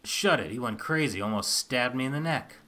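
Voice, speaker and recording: Lively, bright-voiced man joking through a game. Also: medium pitch, fairly quick. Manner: wry, joking asides while reading game dialogue. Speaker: gaming channel host. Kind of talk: let's play commentary.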